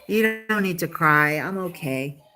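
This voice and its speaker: A woman with a slightly low voice talks casually to a single viewer on a live stream. Her talk is emotional and rambling, circling back to the same questions again and again. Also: animated, a little slow, sharp tone, faint music behind.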